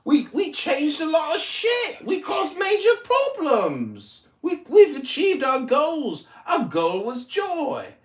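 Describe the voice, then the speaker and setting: A man in his forties, hosting and trading loud insults and roasts in a heated online voice chat. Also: very high-pitched, wildly swooping pitch, slow, few pauses, echoey room. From United States. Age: 40s. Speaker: podcast host and political candidate. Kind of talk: heated online audio-room argument.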